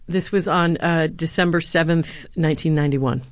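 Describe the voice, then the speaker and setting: Female former speechwriter and lecturer, low-pitched, earnest storyteller, dry studio sound. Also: fairly even intonation, moderate pace, no echo. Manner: earnest, anecdotal, with some fillers. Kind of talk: interview answers, storytelling.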